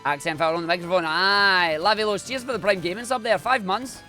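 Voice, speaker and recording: A man's voice: high-pitched, animated, fast, a bit bright, faint music behind. Chatty Scottish man streaming games. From Scotland. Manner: chatty and slangy, rambling asides. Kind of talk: casual live-stream chat while speedrunning.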